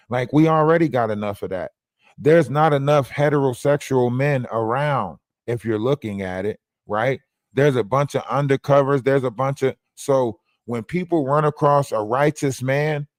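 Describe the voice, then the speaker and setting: A man's voice: mid-range voice, no room sound, studio quality. A man hosting a livestream, ranting in a repetitive, confrontational way, often asking "you know what I mean". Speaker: livestream host. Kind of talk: rambling livestream rant.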